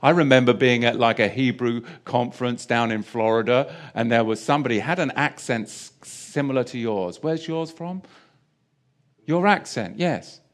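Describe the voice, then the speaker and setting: A man's voice: mid-range voice, normal speed. A man preaching a sermon in a chatty, self-deprecating way with jokey asides. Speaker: pastor.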